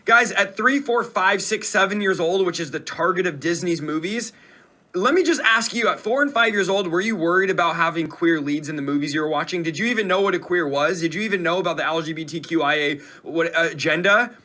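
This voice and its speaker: Indignant man with a bright edge. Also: high voice, brisk. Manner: indignant, emphatic, addresses viewers directly. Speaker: host. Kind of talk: commentary on played clips.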